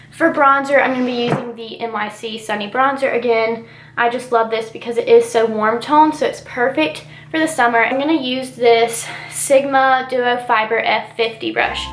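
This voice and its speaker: A woman's voice: on the high side, roomy sound, slight background noise. A young woman chatting through her makeup routine as a beauty vlogger, her voice a little stuffy from allergies, with a casual, rambling manner. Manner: chatty, relaxed product chatter with fillers. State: congested from allergies.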